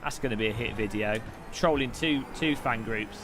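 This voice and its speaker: A man's voice: medium pitch, normal speed, noisy background. A man hosting a casual live stream, chatty and jokey, rambling with restarts. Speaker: streamer host.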